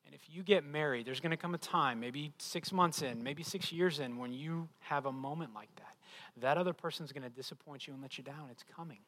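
A middle-aged male pastor giving a sermon, telling stories with animated, self-deprecating humor. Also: a little high, brisk.

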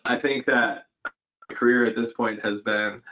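A man's voice: medium pitch, fairly even intonation, measured pace, pushed and bright, slight background noise, rough recording. A man, an actor being interviewed, talking in a reflective, hesitant way with many fillers and restarts. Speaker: actor guest. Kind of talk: casual interview conversation.

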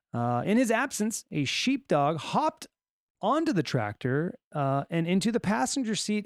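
A man's voice: on the high side, no room sound, clean studio sound. A man with a Californian accent hosting a solo podcast, reading odd news stories and tossing in joking asides. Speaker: podcast host.

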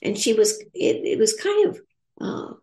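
An older woman, an author in recovery, telling a personal story in a reflective, halting, earnest way. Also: on the high side, sing-song, mellow.

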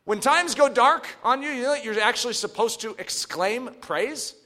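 A man preaching a sermon, animated and swinging from hushed asides to shouts. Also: very high-pitched, normal speed. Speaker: pastor.

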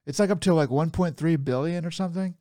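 A man's voice: fairly high pitch, fast talker, dark tone, no echo, studio quality. A man co-hosting a podcast over a call, chatting casually, laughing often and getting worked up. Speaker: podcast co-host. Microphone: remote call mic.

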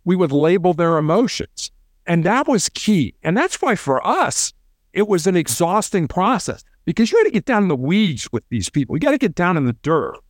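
A man's voice: high voice, normal speed, dry recording, studio quality. A middle-aged man, a former hostage negotiator, telling stories in an interview and acting out the voices of the people he quotes. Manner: animated, acts out quoted voices, repeats words. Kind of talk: storytelling interview.

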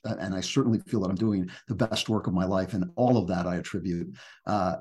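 An older man with a lowish voice speaks as a guest in an interview. He talks in an earnest, searching way, circling back and restarting phrases as he works out his thoughts. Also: fairly even intonation, fairly quick, darkish tone. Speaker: guest, crime novelist. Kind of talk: reflective interview talk.

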